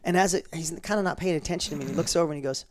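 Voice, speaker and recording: A man telling stories as an interview guest, animated and full of tangents. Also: fairly high pitch, racing. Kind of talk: storytelling in a casual interview.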